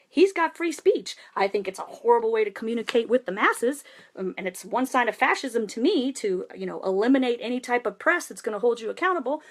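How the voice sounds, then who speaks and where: A woman's voice: a little high, lively intonation, fairly quick. A woman giving a passionate, rambling political monologue in a vlog. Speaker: vlogger and protester.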